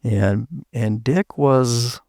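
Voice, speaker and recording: Older male guest, gravelly storyteller, dry close recording. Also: medium pitch, very slow, warm tone, dry recording. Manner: rambling anecdotes with restarts and laughs. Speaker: guest, retired chief engineer. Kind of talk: storytelling interview.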